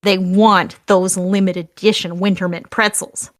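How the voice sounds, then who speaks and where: A woman's voice: mid-range voice, level tone, a little slow, dry recording, studio quality. A woman running a tabletop game as game master, laying out options step by step in an upbeat way.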